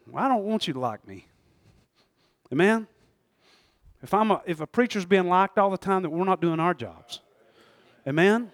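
A man delivers a sermon in a high-pitched voice. The sound is dry and close. He is emphatic and folksy, rising to loud exhortation and falling back to quiet asides. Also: expressive, moderate pace, pauses often, no room sound. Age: 40s. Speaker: pastor.

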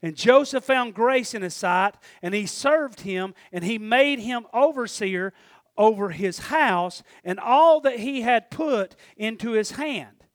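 A man preaching a folksy sermon, swinging from hushed asides to shouted points. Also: high-pitched, lively intonation, takes it slowly, no room sound, clean studio sound. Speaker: pastor.

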